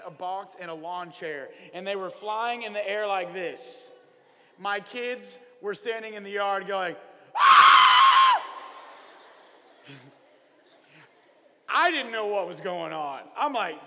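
A man from Oklahoma gives an animated, joking camp sermon. His voice sits high and sounds bright and forceful. A long reverb from the hall trails every line. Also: a little hiss or hum. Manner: animated storyteller, playful humor. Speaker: camp preacher. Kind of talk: lively sermon to young people.

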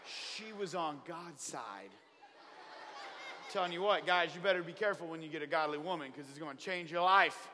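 Bright-voiced man preaching in a reverberant hall. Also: a little high, normal speed, slight background noise. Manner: animated storytelling, acts out his own prayers. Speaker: traveling children's minister. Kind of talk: comedic testimony sermon.

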